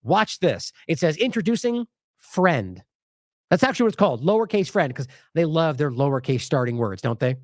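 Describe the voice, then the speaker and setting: A man's voice: a little high, sing-song, normal speed. A man hosting an independent news show, commenting indignantly on clips with sarcastic asides.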